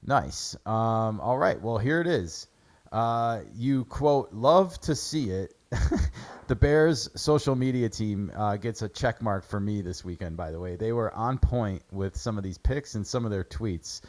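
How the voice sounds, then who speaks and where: A man's voice: lowish voice, lively intonation, a little slow, darkish tone. A man hosting a casual sports show, breaking down football draft picks in a chatty way with lots of fillers. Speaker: sports podcast host.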